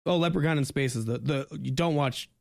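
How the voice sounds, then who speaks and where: A man's voice: medium pitch, fairly quick, gravelly, dry recording. A man co-hosting a podcast, joking around in casual chat and reading sponsor spots. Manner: animated, joking banter. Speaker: podcast co-host.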